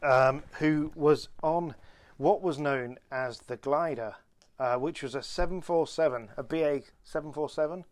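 A man's voice: a little high, unhurried, no echo. Man spinning a podcast anecdote, dry sound. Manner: lively storyteller, restarts and builds to punchlines. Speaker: podcast co-host. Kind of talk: anecdotal storytelling chat.

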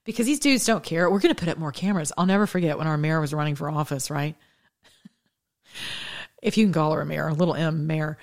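Woman host going off on a sarcastic rant, kinda low voice, laughs a lot. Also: fast talker, a little mellow. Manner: sarcastic, combative, frequent laughs. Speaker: podcast host. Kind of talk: opinion monologue.

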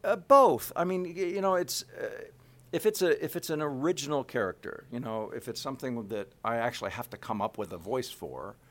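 A middle-aged male voice actor chatting in an interview, animated and full of fillers. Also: medium pitch, fairly quick. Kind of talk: casual interview chat.

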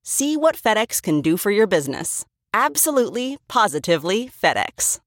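A woman's voice: mid-range voice, moderate pace. Woman reading a scripted ad. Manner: smooth, even promotional delivery. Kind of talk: scripted ad read.

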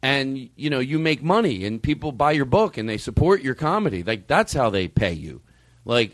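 A man who is a comedian and podcast host, chatting casually and rambling with loose asides and sudden jumps up in pitch. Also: dry recording, studio quality. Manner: loose, rambling, quick swings up in pitch when riled. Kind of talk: casual chat.

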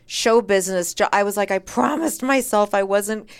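A woman with a smooth, clear voice tells a story in casual chat. She talks animatedly and slips into the voices of the people she quotes. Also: medium pitch, normal speed. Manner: animated, acts out quoted dialogue, many "like" fillers. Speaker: podcast guest.

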